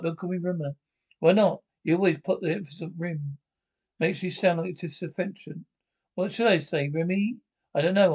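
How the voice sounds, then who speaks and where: Men acting out quick, bickering dialogue from a British TV sitcom. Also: male voice, a little high, darkish tone. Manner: bickering, quick comic banter.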